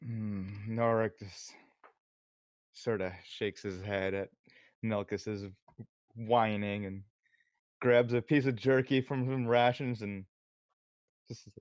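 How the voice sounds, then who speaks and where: A man playing a tabletop game, describing his character's actions in a wry, deliberate way. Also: on the low side, steady tone, a little mellow, no room sound, studio quality. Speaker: player. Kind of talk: casual tabletop role-play.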